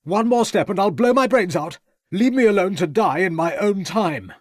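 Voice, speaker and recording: Male narrator doing a distraught young man, frantic and shouting, voice pushed high and husky. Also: expressive, moderate pace, no room sound, studio quality.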